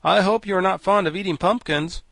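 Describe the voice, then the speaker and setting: A man's voice: sits high, a little fast, creaky, fairly bright tone, no room sound, voice pushed up, heavily acted. A man reading an audiobook and voicing a fearful, gloomy pumpkin-headed figure.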